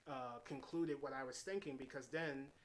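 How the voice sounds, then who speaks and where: A man's voice: mid-range voice, steady tone, moderate pace. A man giving a casual, unscripted movie review, retelling scenes in his own paraphrased quotes with plenty of fillers and restarts. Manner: rambling, heavy on fillers and restarts.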